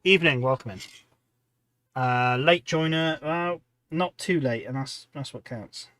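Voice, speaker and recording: A man with a slightly high voice talks a little slowly, with no echo, while hosting a hobby livestream from home. Painting miniatures, he rambles in a relaxed way and chats with viewers between tasks.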